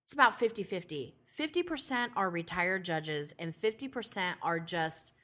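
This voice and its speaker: A woman's voice: lowish voice, normal speed. A woman podcast host chatting casually and telling a story with lots of swearing and acted-out quotes. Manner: animated storyteller, swears freely, acts out quotes. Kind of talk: casual chat.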